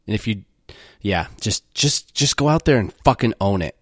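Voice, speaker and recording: Male podcast host, casual solo commentary, slightly low voice, dry close sound. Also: expressive, normal speed, no echo. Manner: loose and reflective, self-correcting.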